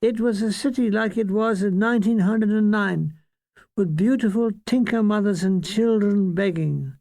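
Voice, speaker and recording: An older Irishman reads his own war memoir aloud in a high-pitched, creaky, mellow voice, with no room sound. His delivery is dry comic storytelling, full of quick asides and mock voices, as he narrates the memoir.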